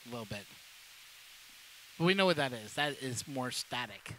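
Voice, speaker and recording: A man's voice: medium pitch, animated, normal speed, fairly bright tone, slight background noise, low-quality recording. A middle-aged man from Canada, rambling casually as he tests a cheap wireless microphone for his maker livestream. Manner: rambling, chatty, jokey. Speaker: maker channel host. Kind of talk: casual mic test livestream.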